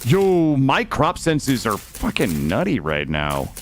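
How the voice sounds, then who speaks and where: A man streaming a game live, talking to his chat in a loose, joking, foul-mouthed ramble. His pitch swings up and down constantly with playful energy, recorded close on a studio microphone. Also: huge pitch swings, slow, slight background noise. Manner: jokey, profane, chatty, talking to chat. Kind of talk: casual live gameplay commentary. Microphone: studio dynamic mic.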